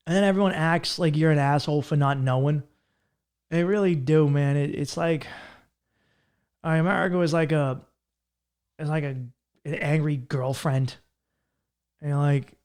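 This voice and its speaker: Brief: man, podcast host doing a solo comedic rant, quick and crude, slips into mocking voices, voice sits a bit high. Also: darkish tone. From Massachusetts. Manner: profane, fast-talking, jumps into mocking voices.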